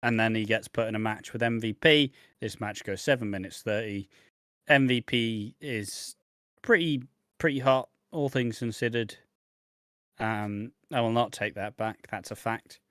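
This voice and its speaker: A man's voice: fairly low pitch, a little slow, a bit bright, no room sound, studio quality. A man co-hosting a podcast, reviewing wrestling in casual, sardonic, swear-laden chat. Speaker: podcast co-host.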